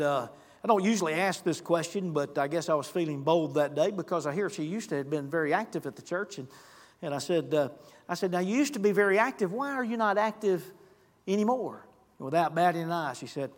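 A man's voice: on the high side, in a large hall. A man preaching a sermon as pastor, earnest, acting out scripture quotes and speaking directly to the congregation. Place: church sanctuary.

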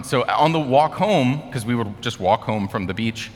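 A man's voice: mid-range voice, lively intonation, moderate pace, long reverb tail. An American man giving a casual sermon, telling a story in a chatty way with lots of fillers. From United States. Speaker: speaker.

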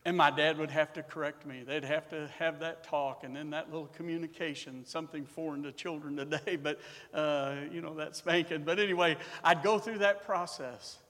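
A man preaching a revival sermon, reading scripture in old English and swinging between quiet stretches and loud, fervent ones. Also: fairly high pitch, steady tone, moderate pace, big-room sound. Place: church.

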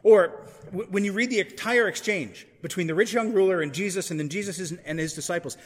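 A man with a fairly high voice preaches to a church congregation. He talks in a relaxed, conversational way and often restarts a phrase mid-thought. His voice trails off into a long church reverb. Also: fairly quick. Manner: conversational, thinking aloud with restarts. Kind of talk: sermon.

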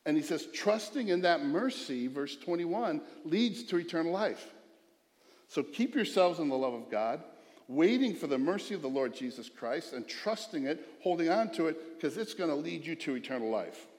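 A middle-aged man preaching a sermon as pastor, earnest, dropping to a hush and rising to emphatic. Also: fairly high pitch, expressive, normal speed. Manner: earnest, swings from hushed to emphatic. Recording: echoey hall with long reverb.

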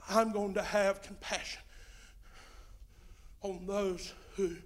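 A middle-aged man preaching a sermon, dropping to a near-hush and then rising into drawn-out shouted lines. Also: high voice, little pitch movement. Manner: swings from hushed to shouting, drawn-out emphatic phrases.

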